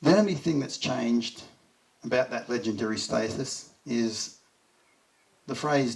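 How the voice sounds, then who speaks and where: A man's voice: mid-range voice, a little slow, creaky, a little mellow. A middle-aged Australian man giving a heartfelt memorial speech, telling fond stories and chuckling as he goes. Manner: heartfelt storytelling, chuckles through anecdotes. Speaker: eulogy speaker. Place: memorial gathering. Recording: voice distant from the mic.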